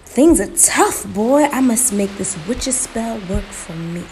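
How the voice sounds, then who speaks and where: A woman's voice: medium pitch, a little slow, warm tone, close to an everyday voice. A woman voicing a crafty little male spider who talks in a sugary, wheedling way, in a noisy recording. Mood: sugary pleading.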